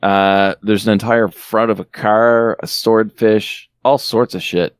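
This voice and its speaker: A man's voice: on the low side, fairly even intonation, slow, smooth, no echo, clean studio sound. A man hosting a podcast, casually recapping a movie with wry, laughing asides. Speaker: podcast host recapping a film. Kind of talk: casual chat.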